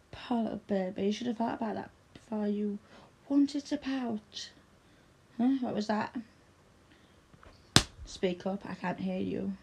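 A woman's voice: fairly high pitch, creaky, background noise. A woman performing an adult audio role-play in a stern, teasing, commanding manner.

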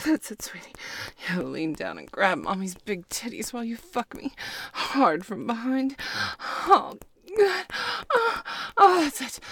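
A woman voicing a breathy, possessive adult woman. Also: mid-range voice, a bit bright, dry recording, exaggerated voice. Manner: breathy, moaning, partly whispered. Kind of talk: adult audio role-play.

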